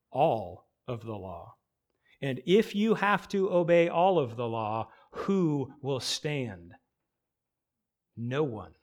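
A man with a medium-pitched voice preaches an expository sermon, posing rhetorical questions and slowing down to stress key phrases.

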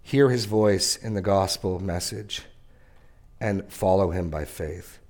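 A man preaching a sermon as pastor, earnest, with repeated words and sudden rises in pitch for emphasis. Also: slow, darkish tone.

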